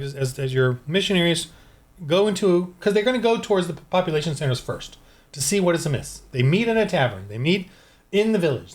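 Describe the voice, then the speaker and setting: A man who designs tabletop games, talking casually into a desk microphone and thinking aloud while he rolls dice to prepare a game. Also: high-pitched. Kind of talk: casual solo game-prep walkthrough.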